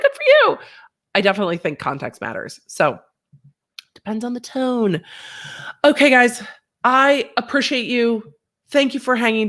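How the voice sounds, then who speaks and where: Woman, livestream host, lively swooping pitch, casual chatty delivery, slightly congested from a sinus infection. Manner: chatty, animated, reads chat aloud.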